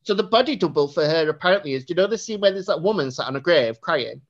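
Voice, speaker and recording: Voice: medium pitch, expressive, fast. A podcast co-host, chatting casually about a film, rambling with lots of fillers. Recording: dull lo-fi recording.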